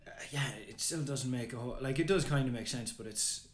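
A man's voice: medium pitch, brisk. A man co-hosting a podcast in casual chat, laid-back, swearing often and restarting his sentences. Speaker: podcast co-host. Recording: roomy with faint background noise.

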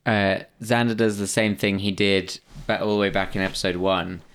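Giggly player with a very low voice. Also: male voice, steady tone, normal speed, fairly bright tone, clear, resonant tone. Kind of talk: describing his character's actions.

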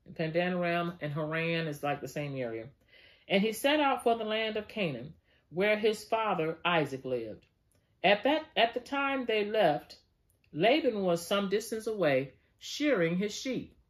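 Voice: mid-range voice, big pitch swings, measured pace. A Bible study teacher reading scripture aloud and breaking off for casual, conversational comments. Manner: conversational asides, frequent fillers.

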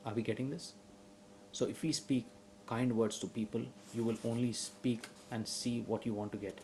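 A man preaching a sermon who asks his listeners questions and rises to loud, emphatic passages. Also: medium pitch, level tone, normal speed, a little hiss or hum, poor audio.

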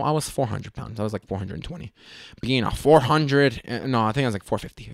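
A young man hosting a podcast, telling a comedic story in a casual way. He swears often, talks in an animated way and mocks himself. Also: medium pitch, no room sound, clean studio sound. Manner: profane, animated, self-mocking. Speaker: podcast host.

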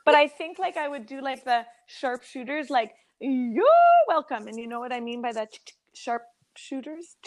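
A woman's voice: high-pitched, moderate pace, few pauses. A woman co-hosting a podcast in playful casual chat, laughing often. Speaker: podcast co-host.

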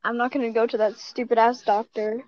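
A woman's voice: on the high side, flat delivery, brisk, darkish tone. A young woman co-hosting a podcast, chipping in with short teasing remarks. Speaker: podcast co-host. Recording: lo-fi audio with clear background noise.

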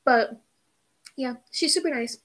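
A teenage girl co-hosts a podcast with a slightly high voice. She rushes her words, stumbles now and then, and swears freely in easy, casual chat. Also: a bit bright. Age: teens. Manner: fast-talking, swears often, stutters. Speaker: podcast co-host.

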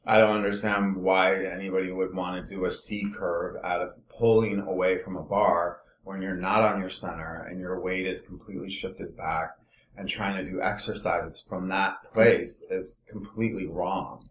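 A man's voice: low-pitched, fairly even intonation, moderate pace, reverberant. A man from Los Angeles, a dance company director, explaining his product in a casual interview chat, enthusiastic and step by step.

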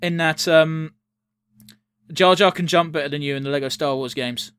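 A man's voice: fairly high pitch, normal speed, fairly bright tone, smooth. A man chatting casually while watching a film, blunt and swearing freely. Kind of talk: casual chat reacting to a film.

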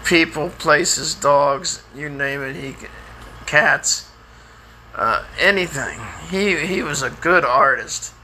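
An older man talking in a rambling, halting personal monologue, with many restarts and fillers. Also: a little high, sharp tone, a little hiss or hum, rough recording. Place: outdoors by a house, lawnmower nearby.

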